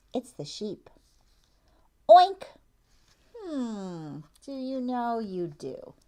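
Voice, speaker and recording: A woman children's librarian leading a storytime for young children, talking and singing in an animated sing-song way, with gasps and animal sounds. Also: fairly low pitch.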